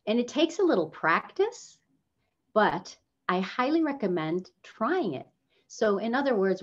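A woman coaching a workshop on video presence, talking casually and changing her pitch up and down to demonstrate intonation. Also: big pitch swings, a little slow, muffled recording. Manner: casual, with fillers. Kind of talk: teaching workshop.

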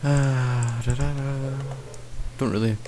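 Speaking slowly into a computer mic that picks up a little hiss or hum, a young gaming channel host keeps a fairly even, mellow, medium-pitched voice. He rambles casually through a let's-play, joking at his own expense and chatting to himself while playing.

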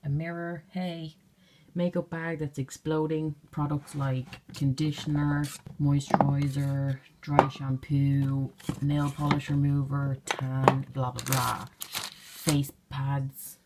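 A woman's voice: low-pitched, level tone, slow, heavy background noise. A young woman vlogging casually from her bedroom with a handheld camera, rambling with offhand, sarcastic asides. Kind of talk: casual vlog chat.

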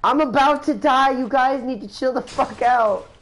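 A woman's voice: high-pitched, normal speed, low-quality recording. A woman streaming a video game, laughing and swearing as she complains to her friends. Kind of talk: casual gaming stream chat.

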